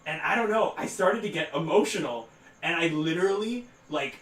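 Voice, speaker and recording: A man's voice: on the high side, lively intonation, normal speed, a bit bright, far from the mic. Rambling young man in an echoey room. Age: 20s. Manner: rambling, filler-heavy, laughs through his story. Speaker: podcast co-host. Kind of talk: casual storytelling chat. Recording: roomy echo, off-mic, faint noise.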